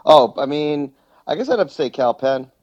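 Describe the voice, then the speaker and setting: A man's voice: a little high, animated, moderate pace, a little mellow, no room sound, dull audio. A man calling into a podcast, chatting casually, laughing and swearing a lot. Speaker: caller. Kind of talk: casual phone-in chat.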